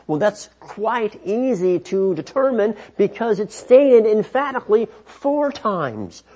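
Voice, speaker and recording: A man teaching scripture in a measured, emphatic way, often restarting his phrases as he explains. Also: a little high, darkish tone, husky. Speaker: Bible teacher. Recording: dull lo-fi recording.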